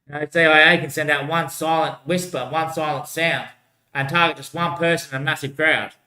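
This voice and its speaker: Bright-voiced man rambling in an echoey room. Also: fairly high pitch, a little slow. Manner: repetitive, keeps saying "mate" and "bloody hell"; loose, drifting talk with frequent laughs. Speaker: vlogger. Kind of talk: rambling solo monologue.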